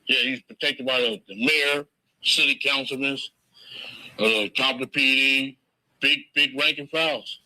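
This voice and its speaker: A man's voice: medium pitch, fairly even intonation, unhurried, bright, forceful tone, poor audio. A man interviewed in a recording, telling stories casually in profane, slangy language. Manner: laid-back, profane, slangy. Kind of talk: casual storytelling.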